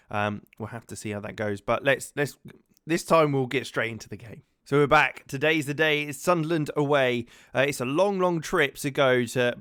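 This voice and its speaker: Brief: guy, chatty let's-play commentary, smooth clear voice, dry close sound. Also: medium pitch, a bit bright, no room sound. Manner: chatty, many ums and repeated words. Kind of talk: casual gaming commentary.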